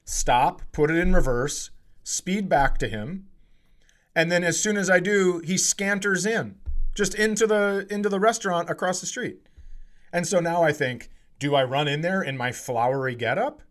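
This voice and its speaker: Middle-aged male comic, slightly high voice, rambling animated anecdote. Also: moderate pace. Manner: animated, swearing, acts out heated quotes in a shrill voice. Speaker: comedian podcast co-host. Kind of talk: casual storytelling chat.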